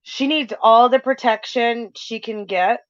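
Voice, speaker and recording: A woman from North Dakota co-hosting a casual livestream chat, talking in quick bursts. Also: fairly high pitch, no room sound. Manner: chatty, talks fast in bursts. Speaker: co-host. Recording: dull lo-fi stream audio.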